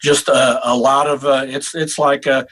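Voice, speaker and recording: A middle-aged man from Texas, a guest musician, telling stories in a relaxed interview with frequent restarts. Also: medium pitch, moderate pace, poor audio. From Houston, Texas. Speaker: guest saxophonist. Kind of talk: casual interview chat.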